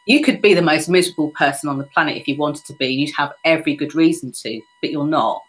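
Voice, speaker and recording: A woman's voice: low voice, quick pace, low-quality recording. A woman hosting a podcast interview, telling a personal story in a reflective, conversational way. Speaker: podcast host.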